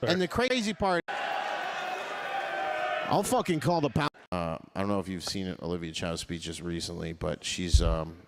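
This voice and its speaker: Hombre cómico profano con voz muy animada. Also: male voice, lively intonation, normal speed, heavy background noise. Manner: loose, profane, laughing often, bouncing pitch. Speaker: stand-up comedian. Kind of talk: crowd-work stand-up comedy.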